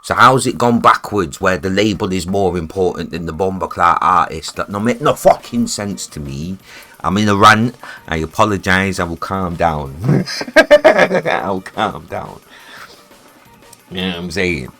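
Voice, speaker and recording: A man's voice: deep voice, lively intonation, unhurried, bright, forceful tone, faint music behind. A man, streaming live from his home studio and ranting in a heated, sweary way that keeps repeating itself. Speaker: music producer streaming live. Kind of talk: casual livestream rant.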